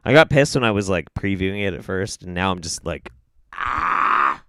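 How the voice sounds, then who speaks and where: Young guy ranting on stream, bright high voice, cussing a lot, dry close sound. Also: expressive, moderate pace, gravelly, no echo. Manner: ranting, swearing, swings between loud outbursts and muttered asides. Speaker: reaction streamer. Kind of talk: profane live reaction commentary.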